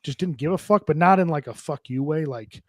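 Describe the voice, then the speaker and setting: A man's voice: a little high, a little fast, a little mellow, no room sound, clean studio sound. A man on a podcast telling a rambling travel story, swearing often and acting out what people said. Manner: rambling storyteller, swears a lot, acts out quotes. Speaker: podcast co-host. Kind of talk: casual podcast chat.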